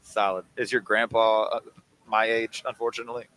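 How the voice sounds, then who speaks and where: A man hosting a casual livestream chat, teasing his guest in an animated way. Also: lowish voice, fairly quick. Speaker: host.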